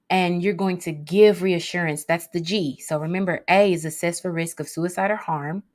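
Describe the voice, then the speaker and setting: A woman giving an instructional talk on mental health support, often pausing to check in with listeners. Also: on the low side. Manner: checks in often with "okay?", acts out example phrases.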